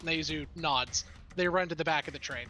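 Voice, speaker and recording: A game master running a tabletop game, narrating the scene in an easygoing way with frequent pauses. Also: medium pitch, bright, forceful tone, soft background music.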